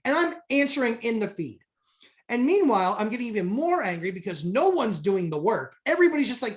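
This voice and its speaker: A woman telling a story with animated exasperation, an investor chatting on a podcast. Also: fairly high pitch, brisk. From New Hampshire, USA. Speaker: real estate investor, co-host. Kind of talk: casual podcast chat.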